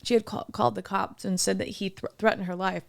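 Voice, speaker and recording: A woman's voice: mid-range voice, steady tone, fast, creaky. A woman co-hosting a podcast, chatting casually in a rambling way, stumbling over words and swearing. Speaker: podcast co-host. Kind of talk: casual chat.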